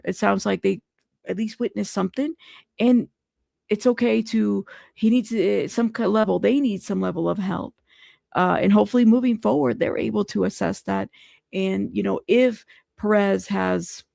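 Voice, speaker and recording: A host of a live news show, reacting animatedly and pleading between bursts of laughter. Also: female voice, mid-range voice, creaky, darkish tone, no echo, studio quality. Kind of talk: casual commentary.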